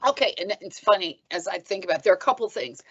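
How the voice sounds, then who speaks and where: Emphatic, bright-voiced woman in her seventies. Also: medium pitch, fast talker, breathy edge, highs cut off. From Philadelphia, US. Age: 70s. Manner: animated, emphatic, preacherly, punctuates with "okay?". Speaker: guest, reverend and foundation president. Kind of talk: conversational podcast interview.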